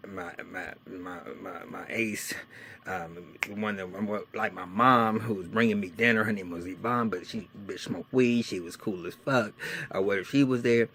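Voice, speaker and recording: A man with a fairly low voice tells his own life story as a loose, profanity-filled monologue. He drops to a near-whisper for some asides and bursts out loudly for others, with faint noise behind him. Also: normal speed. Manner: animated and profane, swinging from hushed asides to loud outbursts.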